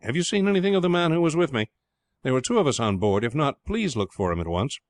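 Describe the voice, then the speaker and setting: A man's voice: on the high side, sing-song, quick pace, dry recording, pitched above the performer's own voice. A man voicing a well-bred, spirited young lad who speaks earnestly and outspokenly in a storybook reading. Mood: urgent.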